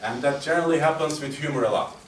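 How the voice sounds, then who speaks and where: A man giving a humorous speech at a speaking club, telling stories in a chatty, animated way. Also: fairly high pitch, quick pace. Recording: roomy echo, distant mic, faint hum.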